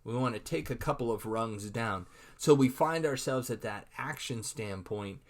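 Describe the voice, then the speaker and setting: Man, lecturer, conversational online lesson, repeats words, acts out inner thoughts, mid-pitched. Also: normal speed.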